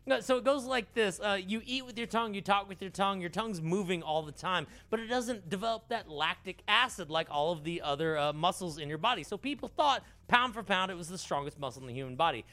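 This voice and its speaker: A man's voice: sits high, quick pace, few pauses, pushed and bright. A young man hosting a casual trivia show, reading questions aloud and riffing playfully on the answers. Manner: playful, reads questions then riffs. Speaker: trivia host.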